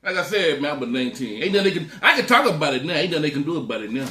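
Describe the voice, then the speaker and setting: A man's voice: on the high side, expressive, racing, sharp tone. A man telling a story in a laid-back, slangy drawl while eating, dropping frequent exclamations. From Texas. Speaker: vlogger. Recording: roomy echo.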